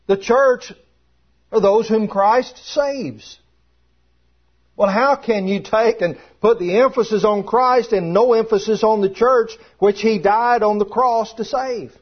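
A man's voice: sits high, slightly rough. A man preaching a sermon to a congregation, emphatic and repeating his key phrases. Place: church room with congregation. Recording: dull lo-fi sermon recording.

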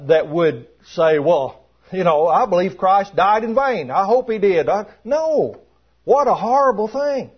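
A man with a high-pitched, husky voice preaches emphatically to a congregation in a church room, repeating his key phrases. The sermon recording is dull and lo-fi.

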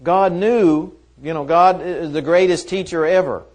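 A man's voice: on the high side, a little slow, darkish tone. A man teaching a Bible lesson in a conversational way, often asking rhetorical questions.

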